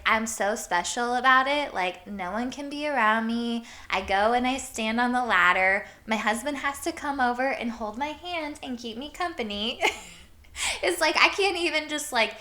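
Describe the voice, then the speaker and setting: A woman's voice: on the high side, normal speed, pushed and bright. A woman from Iowa hosting a podcast, telling stories in a casual, rambling way, full of "like" and frequent laughs. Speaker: podcast host. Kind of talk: casual storytelling chat.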